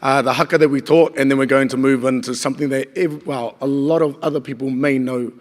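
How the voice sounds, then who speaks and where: A man's voice: mid-range voice, fairly even intonation, a little fast. A man with a New Zealand accent, leading a cultural performance group and announcing items to a live conference audience in a friendly, loose way. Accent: New Zealand English. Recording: reverberant hall, audience murmur.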